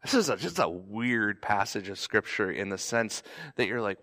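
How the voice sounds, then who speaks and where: A man, a pastor, preaching a sermon in a conversational way, now and then acting out pleading voices in a sharply raised pitch. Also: expressive, a little slow, a bit bright.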